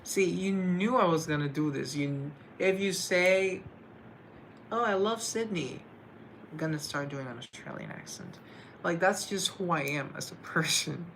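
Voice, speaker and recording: A man's voice: a little high, moderate pace, creaky, a bit bright, a little hiss or hum. A man hosting a casual livestream, answering viewer comments with a playful, joking manner. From United States. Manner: playful, joking, talks to himself. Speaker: livestream host.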